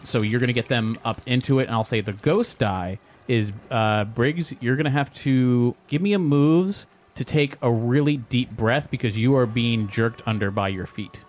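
A man running a tabletop role-playing game as game master, narrating scenes in an animated way and laughing often. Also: medium pitch, normal speed, hardly any pauses.

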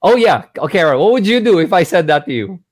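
A man with a fairly high voice talks as a guest in a casual conversation. He speaks with firm confidence and acts out the other voices in his anecdotes. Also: big pitch swings, fast talker, no room sound, clean studio sound. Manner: confident, emphatic, acts out dialogue. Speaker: guest, crypto investor. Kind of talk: casual chat.

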